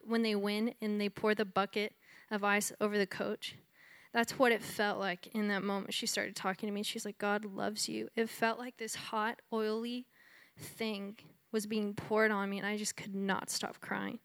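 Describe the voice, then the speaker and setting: A woman's voice: a little high, a bit bright, clean tone, dry recording. A woman from Texas giving a conversational testimony in a sermon, telling her story with lots of "like" and "you know". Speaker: speaker sharing her testimony.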